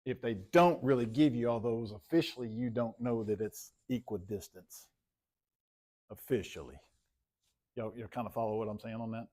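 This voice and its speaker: A man's voice: medium pitch, moderate pace, mellow. Casual man teaching a math class. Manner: casual, talks to students by name and repeats himself. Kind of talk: classroom lecture.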